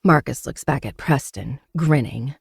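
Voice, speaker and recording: Woman narrator for a first-person romance novel, low, gravelly, dry close sound. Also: lively intonation, unhurried, dry recording.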